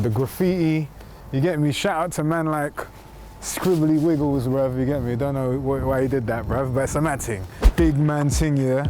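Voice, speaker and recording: A man's voice: mid-range voice, dark tone. Joking man. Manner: slangy, joking banter. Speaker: host. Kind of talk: casual vlog chat.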